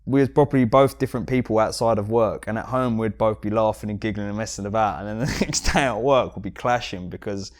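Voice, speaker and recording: A man with a London accent talks through his years running a jewellery shop on a podcast. His voice sits low and he tells stories in an animated way. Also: fast, few pauses. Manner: animated storyteller, mimics customers with sudden high bursts. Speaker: jewellery shop owner, guest. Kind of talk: casual podcast chat.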